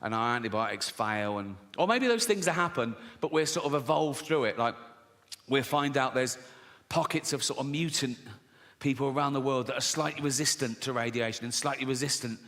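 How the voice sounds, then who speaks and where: Middle-aged brit doing live standup, sweary fake-outraged rants, long echo in a big room. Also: male voice, medium pitch, fairly quick, a bit bright. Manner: profane, mock-outraged ranting delivery. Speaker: stand-up comedian. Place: theater stage before an audience. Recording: live stage with long hall reverb and background noise.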